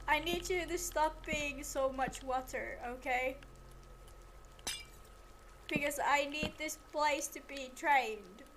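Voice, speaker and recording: A woman with a high voice comments casually on her gameplay at an unhurried pace. She grows exasperated and scolds the game, repeating herself. Game music plays clearly underneath. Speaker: streamer.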